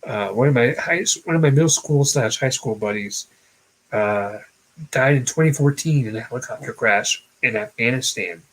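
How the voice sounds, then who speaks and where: A young man with a husky, slightly breathy voice, co-hosting a casual chat. He tells personal stories in a halting, unhurried way, full of fillers and restarts. His pitch sits in the middle range. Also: rough recording. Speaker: podcast co-host.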